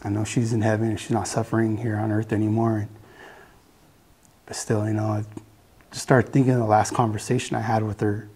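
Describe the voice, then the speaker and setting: A man giving a personal faith testimony, earnest and halting, often restarting his sentences. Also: on the low side, flat delivery, darkish tone, breathy edge.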